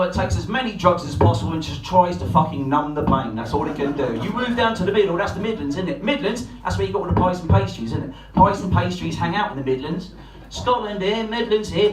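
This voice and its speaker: High-voiced sweary stand-up comic from Portsmouth. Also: male voice. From Portsmouth, England. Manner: brash, sweary, self-mocking banter with the crowd. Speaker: stand-up comedian. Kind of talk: live stand-up comedy set. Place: comedy night venue with a live audience. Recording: echoey live room, distant mic, noisy crowd.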